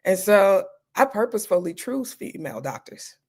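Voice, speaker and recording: A woman emergency room physician, a guest in an interview, telling her stories in an animated way and acting out her own reactions. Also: mid-range voice, normal speed. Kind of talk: casual storytelling in an interview.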